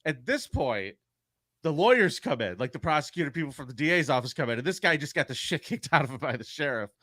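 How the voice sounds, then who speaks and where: A man co-hosting a podcast, telling a true-crime story in an animated, profane way. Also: on the high side, fast, no room sound, studio quality. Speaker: podcast co-host.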